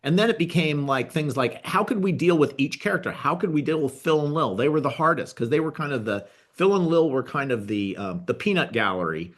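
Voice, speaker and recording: A man's voice: a little high, expressive, brisk, few pauses, fairly bright tone. A man, a TV writer and producer, reminiscing in casual chat, rambling with many restarts and fillers.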